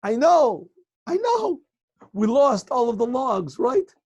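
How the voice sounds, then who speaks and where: A man voicing a ruined middle-aged merchant who is overjoyed, his exclamations rising excitedly. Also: very high voice, takes it slowly, breathy edge, pitched above the performer's own voice, exaggerated voice. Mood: gleeful.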